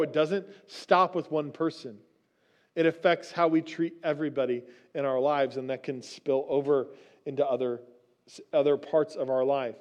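A man's voice: fairly high pitch, darkish tone. A man preaching a sermon as pastor, explaining scripture in a conversational teaching way with frequent restarts and "right?" asides.

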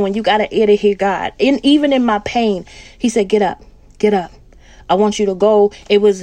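A woman's voice: mid-range voice, darkish tone. A woman minister, middle-aged, giving an emotional spoken testimony in a sermon style, repeating phrases and calling her listeners family.

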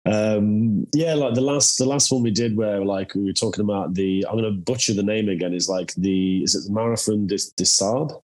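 A man with an English accent hosting a podcast, talking in a relaxed, casual way with swearing and many fillers. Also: fairly low pitch, brisk, few pauses. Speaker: podcast host.

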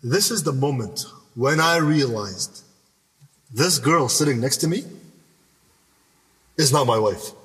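A man's voice: medium pitch, slow, pauses often. A man recounts a personal story to a podcast host, his voice leaping up and down. He stresses words hard and restarts sentences often. The room sounds echoey, with the mic some way off. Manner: animated, emphatic, repeats words and restarts. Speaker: podcast guest. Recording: reverberant room, mic at a distance.

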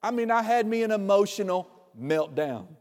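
Pastor, man, fairly high voice, chatty humorous sermon with loud bursts, long hall reverb. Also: lively intonation, moderate pace. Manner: conversational, joking preaching with sudden loud bursts.

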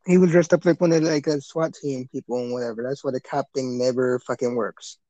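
A man co-hosting a casual podcast, chiming in with short relaxed remarks. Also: mid-range voice, brisk, no echo. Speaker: podcast co-host.

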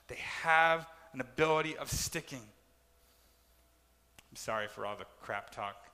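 A man preaching a sermon as pastor, animated and acting out complaining voices. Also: mid-range voice, measured pace, pauses often, in a large hall.

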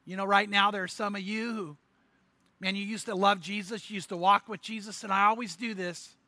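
Pastor guy preaching, real high bright voice, earnest and pleading, dry sound. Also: steady tone, brisk, dry recording. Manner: earnest, pleading, retells a skit with quoted voices. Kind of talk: sermon.

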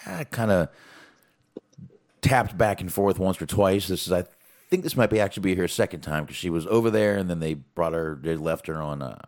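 A man's voice: deep voice, brisk. A man co-hosting a casual podcast, rambling and swearing as he recaps wrestling shows. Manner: profane, animated, rambling with fillers. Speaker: podcast co-host.

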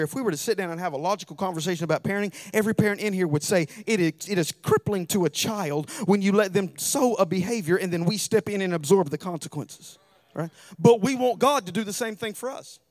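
A middle-aged man with a Southern US accent preaching a sermon in a church, building to fervent shouted peaks. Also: sits high, dry recording, studio quality. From American South. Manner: preaching with rising fervor and shouted climaxes. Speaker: pastor.

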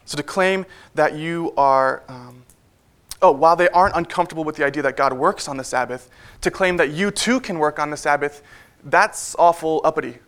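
A man preaching a sermon in a church, in a relaxed, conversational way with frequent fillers and wry asides. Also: on the high side, moderate pace.

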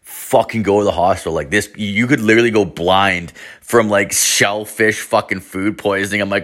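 A man's voice: lowish voice, fairly even intonation, moderate pace, a bit bright. A young man telling a personal story casually, swearing constantly and rambling with lots of "like". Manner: profane, rambling, many fillers.

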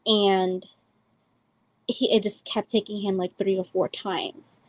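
A woman's voice: mid-range voice, flat delivery, slow, no room sound, low-quality recording. A woman in her twenties from El Salvador, hosting a podcast and telling a personal story in a loose, rambling way with many fillers. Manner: rambling, heavy use of "like" and "um". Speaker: podcast host.

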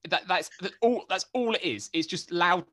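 A young man co-hosting a casual podcast chat from home, ranting in an animated, incredulous way. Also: sits high, moderate pace, no echo. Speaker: podcast co-host. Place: home in Exeter.

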